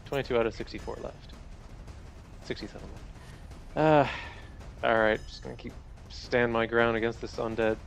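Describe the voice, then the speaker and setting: A man playing in a tabletop game, thinking aloud about his character's moves with halting restarts. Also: mid-range voice, fairly even intonation, gravelly, faint music behind. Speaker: player. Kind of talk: casual table talk.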